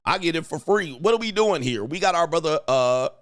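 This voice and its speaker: A man's voice: on the high side, fairly quick. A middle-aged man hosting a casual livestream, telling a story with slang and laughter and reading viewer comments aloud. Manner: animated, laughing, slangy, reads chat aloud. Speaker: livestream host.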